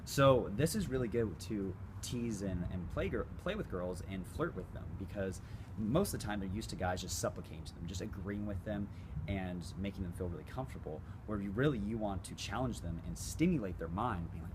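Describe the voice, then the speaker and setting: A man's voice: low-pitched, lively intonation, brisk. A man giving casual dating advice straight to camera, blunt and swearing freely, with noticeable background noise. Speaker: dating coach.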